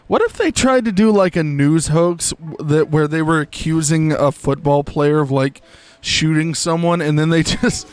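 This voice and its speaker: A young man chats casually while live-streaming a game, rambling and joking before trailing off into silly voices. His voice is fairly high with a darkish tone, and there's no echo.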